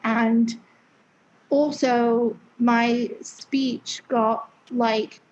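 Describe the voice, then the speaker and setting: A woman's voice: on the high side, fairly even intonation, drawn-out words, a little hiss or hum. A young woman in her twenties telling her story as a podcast guest, chatty and candid, with lots of fillers and some swearing. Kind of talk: casual interview storytelling. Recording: dull lo-fi sound.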